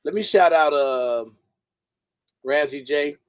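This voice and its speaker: A man's voice: fairly high pitch, slow, clear, resonant tone, no room sound. A man hosting a casual livestream, laid-back, greeting viewers by name. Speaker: livestream host. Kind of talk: casual live chat.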